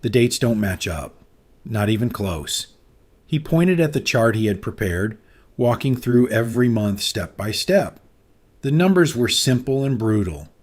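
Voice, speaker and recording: A man narrating a scripted story with dramatic, suspenseful delivery. His voice is mid-pitched and steady, with a smooth, even, synthetic-sounding flow.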